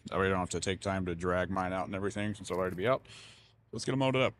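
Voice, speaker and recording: Low-voiced man narrating repair work. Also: very fast. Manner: plain, matter-of-fact, thinks aloud while working. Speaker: small-engine repair YouTuber. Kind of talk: casual workshop narration.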